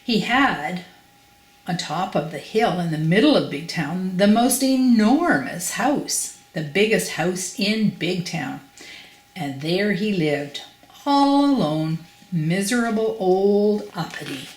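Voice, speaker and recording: Storybook narration: older woman, lowish voice, expressive and emphatic, echoey room. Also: slow. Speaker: grandparent reading aloud. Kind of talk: children's storybook reading.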